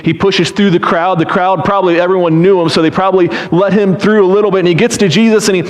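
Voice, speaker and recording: Animated high-voiced male pastor preaching. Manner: animated storytelling, acting out pleading voices; repeats words and restarts phrases. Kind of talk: sermon.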